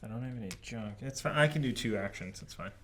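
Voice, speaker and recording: A man's voice: medium pitch, quick pace. A man playing a board game with friends, laid-back as he talks through his own turn.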